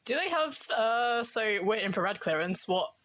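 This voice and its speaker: A woman taking part as a player in a tabletop game, thinking aloud in a measured way with fillers. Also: fairly high pitch, expressive, a bit bright, a little hiss or hum. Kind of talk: casual chat.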